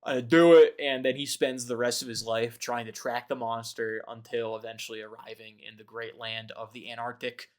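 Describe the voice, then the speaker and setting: A man's voice: medium pitch, little pitch movement, normal speed, hardly any pauses. Profane joking man retelling a book. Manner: profane, jokey retelling with loud mock voices. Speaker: podcast host. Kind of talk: casual chat.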